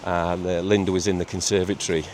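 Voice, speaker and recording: A middle-aged man, chatting casually in a walking vlog on a seaside promenade, halting with many repeats and fillers. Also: low voice, level tone, a little mellow. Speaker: vlogger. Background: faint outdoor ambience with traffic and seagulls.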